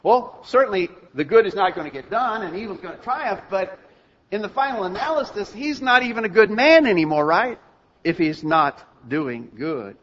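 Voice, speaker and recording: An older male preacher delivers a sermon in an earnest, conversational manner and often turns to his listeners with questions. His voice sits a little high for a man. The recording is muffled and lo-fi. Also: animated, moderate pace, a bit bright.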